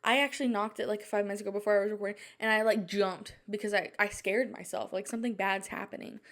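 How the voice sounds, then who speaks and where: A young woman talks alone into her podcast mic late at night, her voice at a middling pitch. She rambles and restarts, leaning on "like" as nerves keep getting the better of her. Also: fairly even intonation, fast talker, fairly bright tone. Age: young adult. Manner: rambling, flustered, many "like" fillers and restarts. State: anxious and shaken. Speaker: podcast host. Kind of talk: casual solo chat. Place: at home at night.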